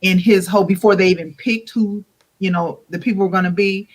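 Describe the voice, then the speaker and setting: A woman's voice: mid-range voice, fairly quick. A woman joining a podcast over an online call, chatting casually and acting out quotes expressively. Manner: expressive, acts out quotes with laughs. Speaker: podcast guest. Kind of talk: casual chat.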